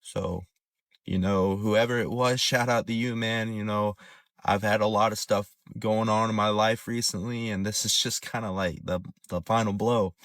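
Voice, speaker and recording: A man making a casual vlog, speaking in a halting, hesitant way and often repeating words. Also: fairly low pitch, little pitch movement, a bit bright, no room sound, studio quality. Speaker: content creator.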